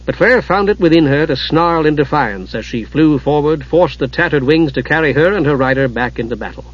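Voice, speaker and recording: A man narrates a fantasy novel in a steady, dramatic reading. His voice is husky and a little high. The audiobook recording sounds dull and lo-fi. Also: a little fast.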